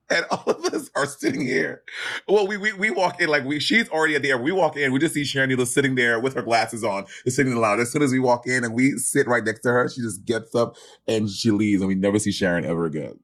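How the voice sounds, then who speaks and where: A man's voice: medium pitch, a bit bright. A man co-hosting a casual chat, telling stories bluntly with lots of swearing. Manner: blunt, profane storytelling. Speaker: podcast co-host.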